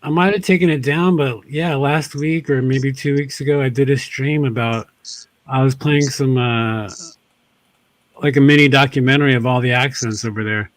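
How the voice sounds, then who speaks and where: A man's voice: medium pitch, fairly even intonation, normal speed, no room sound. A man chatting playfully and teasing others on an online panel. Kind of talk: casual online panel chat.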